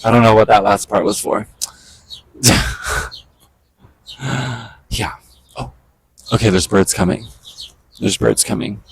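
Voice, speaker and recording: A man chatting casually into a handheld camera outdoors in a park, excitable and quick with asides, talking to the birds around him. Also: fairly low pitch, creaky, slightly rough, rough recording. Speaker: vlogger. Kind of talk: casual outdoor vlog chat.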